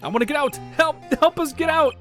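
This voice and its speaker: Guy doing a freaked out trapped guy yelling, game music going. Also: very high-pitched, quick pace, voice pushed up. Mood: panicked. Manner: screaming, frantic. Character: panicking trapped man, gasping and desperate.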